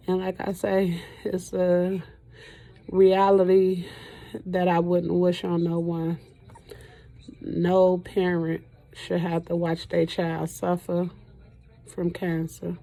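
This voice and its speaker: A middle-aged woman talking to camera in a halting, emotional way, often pausing with "you know", as she speaks about her loss. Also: on the low side, completely flat delivery, gravelly, mellow. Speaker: trucking vlogger and grieving mother. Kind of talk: personal testimony to camera.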